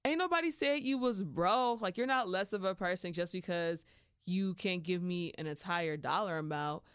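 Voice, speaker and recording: A woman hosts a podcast and tells a personal story in a loose, chatty way. She is playful and animated, with slangy asides. Her voice is smooth and clear, and the recording is dry and close. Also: on the low side, moderate pace, dry recording. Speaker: podcast host.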